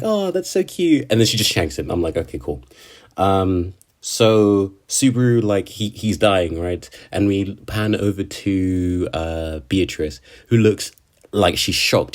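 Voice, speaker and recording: A man with a fairly low voice talks through an anime episode in a loose, chatty way. He rambles, restarts his sentences and drops casual slang as he goes. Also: a little mellow. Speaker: anime reviewer. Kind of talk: casual episode recap commentary.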